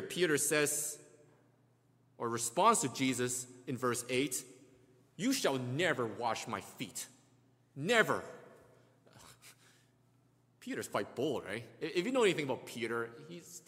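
A man delivers a sermon and walks through scripture step by step, often restarting his words and voicing the quoted lines. His voice sits at a middle pitch. Long reverb from the hall trails every phrase. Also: animated, measured pace, a bit bright. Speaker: preacher.

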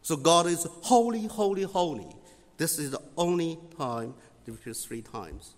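A man teaching scripture in sermon style, halting with many fillers and repeating key phrases for emphasis. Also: a little high, lively intonation, big-room sound.

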